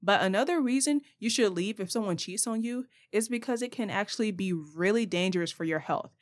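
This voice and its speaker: A woman's voice: mid-range voice, lively intonation, fairly quick. A young woman hosting a podcast, giving blunt, passionate advice straight to her listeners in a casual monologue. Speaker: podcast host.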